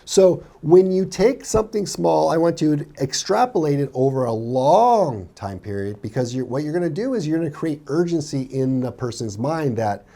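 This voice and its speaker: A man with a warm, mellow voice that swings up and down a lot as he talks, running through numbers and sales tactics in lively commentary. He often slips into quick impressions of clients. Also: vocal fry. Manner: animated, acts out buyers' lines in a higher voice. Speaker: real estate coach reacting to a sales call. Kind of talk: commentary on a played clip.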